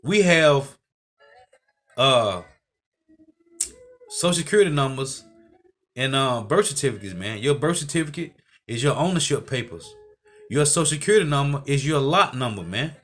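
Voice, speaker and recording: A man's voice: mid-range voice, lively intonation, normal speed, long pauses, a bit bright. A man giving preaching commentary who keeps ending his phrases with "man" and quotes scripture. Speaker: host.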